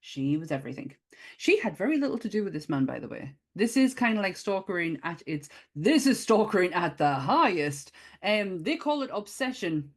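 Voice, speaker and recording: A woman's voice: fairly low pitch, big pitch swings, moderate pace. A woman co-hosting a casual film podcast, chatty, laughing often and swearing freely. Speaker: podcast co-host.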